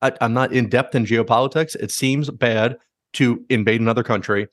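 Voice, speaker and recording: A man's voice: medium pitch, fairly even intonation, normal speed, no room sound, studio quality. A man hosting a podcast, rambling through strong opinions in a casual, profane way. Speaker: podcast host.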